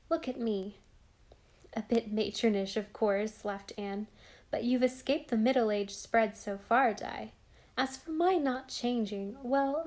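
A woman reading an audiobook aloud, narrating and voicing the dialogue in a gentle, expressive way. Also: on the high side.

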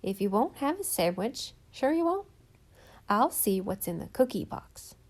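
A woman voicing a chatty, lonely old countrywoman who is hoarse from a cold and rambles in folksy, rustic speech. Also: mid-range voice, very animated, measured pace. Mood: folksy chatter. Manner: rambling homespun talk with rustic grammar.

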